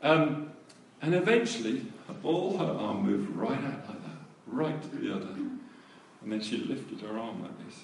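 A man preaching, telling a testimony story with animated delivery and acted-out voices. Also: medium pitch, measured pace, creaky, a little hiss or hum. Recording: echoey room, voice from a distance.

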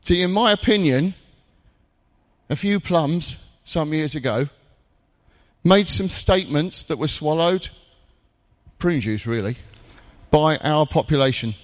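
Man, church sermon, jokey and conversational, fairly high voice, dramatic pauses. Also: lively intonation, in a large hall. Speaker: preacher.

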